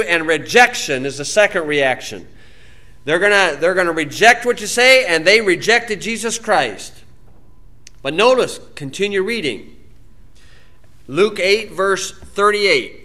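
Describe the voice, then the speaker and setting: A man preaching in a folksy, storytelling way, his voice swinging from loud, emphatic peaks down to low, quiet stretches. His tone is bright and forceful, set a little higher than most men's. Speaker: pastor. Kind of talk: sermon.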